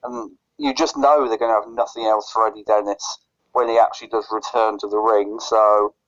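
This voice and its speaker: A man's voice: lowish voice, little pitch movement, moderate pace, fairly bright tone. A man co-hosting a podcast in casual chat, often stuttering and restarting his phrases. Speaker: podcast co-host. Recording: lo-fi dull recording.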